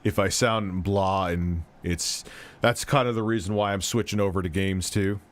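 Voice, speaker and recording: A man's voice: low-pitched, fairly even intonation, moderate pace. Sick-voiced man chatting on a stream. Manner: rambling, loose, swears casually. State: sick, voice going rough. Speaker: streamer hosting a live game stream. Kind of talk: casual live-stream chat while gaming.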